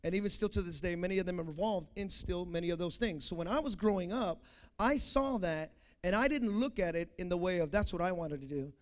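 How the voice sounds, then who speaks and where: High-voiced preacher, soft to shouting. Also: male voice, brisk. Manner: call-and-response preaching, repeats phrases, swings from soft to shouting. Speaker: pastor. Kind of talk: sermon.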